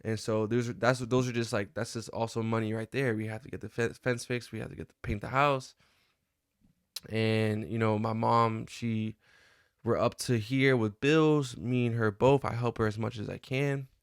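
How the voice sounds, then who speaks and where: A young man talks through a personal reflection vlog in an earnest, halting way, often stopping and starting over. His gravelly voice stays flat and even in pitch. The sound is dry and close, with no room echo. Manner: halting, earnest, many restarts and fillers. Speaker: vlogger.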